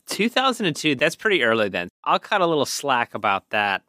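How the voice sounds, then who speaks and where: A man's voice: mid-range voice, very animated, brisk, sharp tone, no room sound, studio quality. A man co-hosting a casual movie review podcast, making wry, sarcastic asides. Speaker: podcast co-host.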